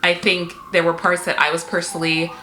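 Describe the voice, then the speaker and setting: A woman's voice: on the low side, level tone, a little fast, sharp tone. A woman in her thirties from Seattle, chatting candidly in a casual vlog, recorded on the camera mic in a room at home. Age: 30s. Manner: chatty, candid, swears and laughs easily. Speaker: vlogger. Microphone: camera mic, external mic not used. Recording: echoey room with faint noise.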